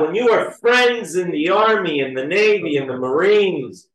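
A man's voice: high voice, animated, normal speed, a bit bright. A man preaching a sermon as pastor, reading scripture with rising emphasis. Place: church. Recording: echoey church hall, mic at a distance.

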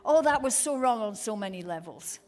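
A woman preaching a sermon, her voice sitting a little high for a woman. She tells Bible stories with animated energy and acts out the quoted voices as she goes. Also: moderate pace. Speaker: women's ministry speaker. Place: event hall.

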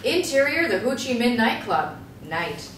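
A woman reading the stage directions aloud in a script table read, brisk and matter-of-fact. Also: fairly high pitch, very animated, fairly bright tone. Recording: echoey room, distant mic, faint hiss.

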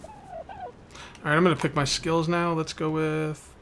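Curious higher-voiced male co-player. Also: monotone, normal speed, fairly bright tone, a little hiss or hum. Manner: curious, asks lots of questions. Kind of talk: casual gameplay chat.

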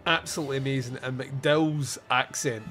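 A man's voice: medium pitch, steady tone, a little fast, a bit bright, soft background music. A man hosting a podcast and chatting casually about a film, rambling, swearing and laughing often. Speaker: podcast host. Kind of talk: casual film review chat.

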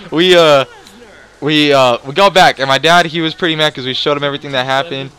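A man's voice: a little high, fairly even intonation, a little fast, pushed and bright. A young man casually retelling a story to friends and viewers, rambling and profane, with lots of restarts. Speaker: storyteller, channel host.

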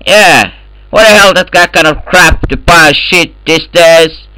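Loud, profane man trolling in game chat. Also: on the high side, unhurried, a little hiss or hum, low-quality recording. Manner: loud, profane, in broken English. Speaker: gamer in voice chat.

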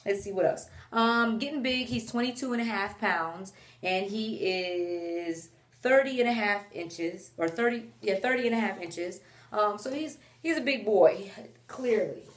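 A young woman chatting to the camera at home while holding her baby, animated and chatty, breaking off to talk to him. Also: medium pitch, unhurried. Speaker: mom vlogger. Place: at home indoors.

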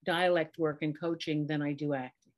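A woman's voice: low-pitched, normal speed. A middle-aged woman from New York City, a dialect coach, talking casually and expressively in an interview. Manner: animated, expressive, talks in images and examples.

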